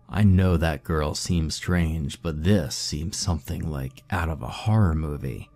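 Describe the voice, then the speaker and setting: A man narrating a horror story in the first person, with a steady, measured and somber delivery. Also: low-pitched.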